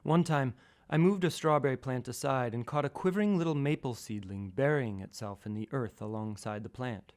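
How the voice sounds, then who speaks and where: A man calmly reading his own first-person radio essay, measured and a little wry. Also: mid-range voice. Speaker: storyteller.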